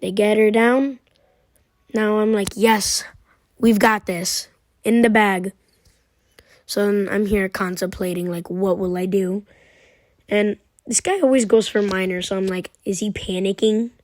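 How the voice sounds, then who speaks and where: Young woman chatting through her game, teasing the other guy, dry close mic, normal pitch. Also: steady tone, normal speed, darkish tone, dry recording. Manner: playful trash-talking, self-narrating her moves. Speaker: gaming commentator. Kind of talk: casual game commentary over gameplay.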